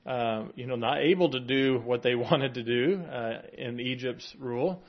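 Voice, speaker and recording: A man's voice: medium pitch, a little slow. A man preaching a sermon in a conversational way, with chuckling asides between the scripture reading. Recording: dull lo-fi sound.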